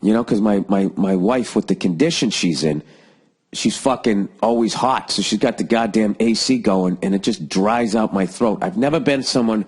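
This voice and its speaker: A man's voice: on the low side, moderate pace, a little mellow, slightly rough. A man hosting a solo podcast, rambling and sarcastic, swearing constantly, with a lingering cough. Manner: profane, sarcastic, riffing. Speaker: podcast host.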